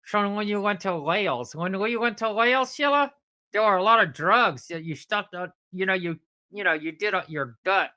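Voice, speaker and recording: A man's voice: high-pitched, animated, normal speed, bright, forceful tone. A man co-hosting a casual comedy podcast, teasing his co-host and acting exasperated at her jokes. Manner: teasing, mock-exasperated, keeps repeating her name.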